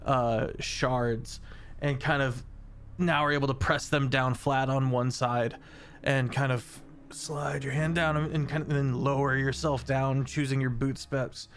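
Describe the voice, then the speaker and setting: A man as dungeon master, describing scenes in a halting, rambling way with many fillers. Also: mid-range voice, steady tone, fairly bright tone. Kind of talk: narrating a tabletop game.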